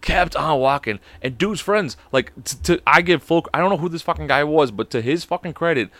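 A man's voice: a little high, animated, brisk, fairly bright tone, no echo. A young man with a Chicago accent telling a breakup story on a podcast, profane and rambling, laughing often. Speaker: podcast co-host. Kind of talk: casual storytelling.

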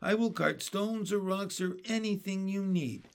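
A man's voice: high voice, measured pace, gravelly, voice pushed up. A man reading aloud and voicing an eager, hungry little boy in a raised, childlike way.

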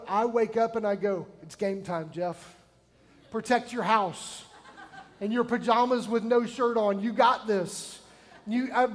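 A man in his forties preaching a sermon to his church, chatty and emphatic, often asking the congregation questions. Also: sits high. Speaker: pastor. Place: church sanctuary.

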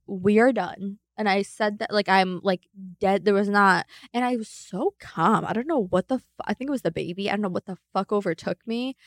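A woman's voice: mid-range voice, fairly quick, hardly any pauses, no room sound. A young woman co-hosting a podcast, telling a story bluntly with lots of swearing and fillers. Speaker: podcast co-host. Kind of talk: casual podcast chat.

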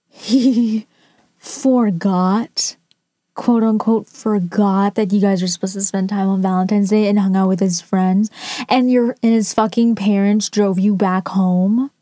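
A woman reacting to read-out stories in a slow, unhurried drawl, blunt and sarcastic and quick to swear. Her voice is mellow and close, with a dry, deadened sound. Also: medium pitch, steady tone, no echo. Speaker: storytime reactor. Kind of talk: casual commentary on read-out stories.

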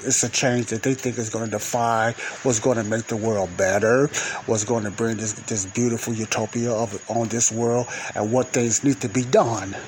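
A man talks through a loose, unscripted sermon outdoors at night, circling back to the same questions and leaning on "you know" and "okay." His voice sits at an ordinary middle pitch. A faint hiss of wind and outdoor air runs underneath. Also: fairly even intonation, moderate pace, a little mellow, rough recording. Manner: repeats phrases, asks rhetorical questions, peppers with "you know" and "okay". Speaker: podcast host and lay preacher. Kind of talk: rambling spoken teaching with prayer. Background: wind and faint outdoor ambience.

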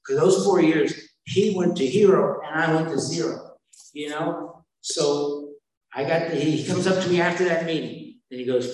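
Middle-aged man, high voice, blunt rambling recovery testimony at a meeting, recorded from far off in a very echoey hall. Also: moderate pace, a little mellow. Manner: blunt, rambling and emotional, with frequent restarts. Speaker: speaker sharing at a recovery meeting.

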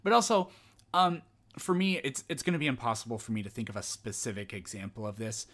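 A man chatting as a podcast guest, thoughtful and calm, often restarting his sentences. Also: mid-range voice, fast. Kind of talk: casual conversation.

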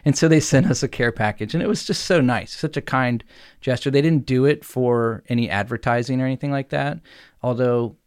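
A man's voice: mid-range voice, fairly quick, a little mellow, clear, resonant tone, no room sound, clean studio sound. A young man hosting a casual podcast, joking around and laughing often. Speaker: podcast host. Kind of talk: casual chat.

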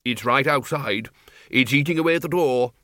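A man's voice: on the high side, very animated, moderate pace, fairly bright tone, no room sound, clean studio sound, pitched above the performer's own voice. A man doing a blustering old wizard chief.

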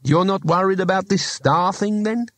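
A man's voice: sits high, no room sound, voice pushed up. A man doing an eager wide-eyed tourist. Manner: excited, quick questions.

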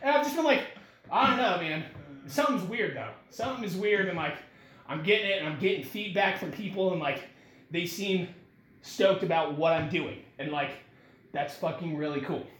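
A man in his twenties talking rambly and excitedly with his father, swearing a lot and saying "like" often. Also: high voice, moderate pace. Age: 20s. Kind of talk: casual heart-to-heart conversation. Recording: roomy echo with faint noise.

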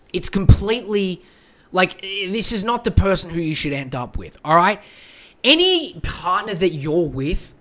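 A man with a fairly high voice hosts a casual solo podcast, reading a listener's letter aloud. He rambles and swears freely, then gives blunt, no-nonsense advice. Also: a bit bright. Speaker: podcast host giving advice.

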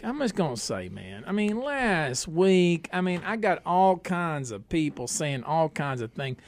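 A man hosting a comedic radio talk show, boisterous and jumping between loud bursts and low asides. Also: creaky. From Northeast Texas.

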